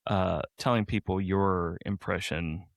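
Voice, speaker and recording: A man co-hosting a casual comic book podcast, laid-back, mostly giving short replies and speaking haltingly with fillers. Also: sits low, steady tone, gravelly, no room sound, clean studio sound. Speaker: podcast co-host.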